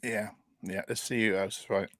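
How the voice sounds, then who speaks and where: A man talks casually on a home live stream, chatting and laughing as he greets viewers. His voice has a gravelly edge, and the sound is close and dry. He rambles easily between topics. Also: lowish voice, fairly even intonation, normal speed, a bit bright, no echo.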